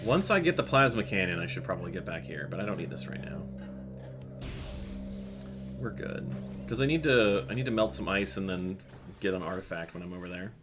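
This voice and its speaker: A man's voice: sits low, expressive, fairly quick, long pauses. A man streaming a game, chatting casually, reading chat aloud and muttering to himself. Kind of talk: casual gameplay commentary. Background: game music.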